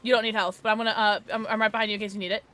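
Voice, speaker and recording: A woman streamer giving excitable, chatty live gameplay commentary, often gasping and teasing playfully. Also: medium pitch, very fast. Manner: playful mock-polite teasing.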